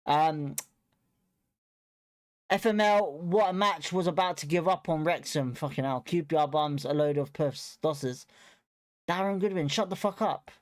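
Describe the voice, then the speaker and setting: A man's voice: on the high side, a little slow. Angry swearing young man fan host. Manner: swearing, repetitive, frustrated, blunt. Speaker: football watchalong host. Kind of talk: heated post-match fan rant.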